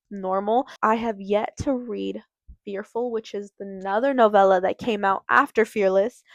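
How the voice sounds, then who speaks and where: A woman's voice: medium pitch, no echo. A woman giving a casual book review, gushing and rambling, often cutting herself off mid-sentence. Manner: gushing, rambling, self-interrupting.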